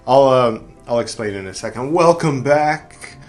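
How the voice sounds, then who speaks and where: A man's voice: medium pitch, lively intonation, a little slow, faint music behind. Young man, podcast host, rambling casual chat, self-mocking, lots of ums and restarts.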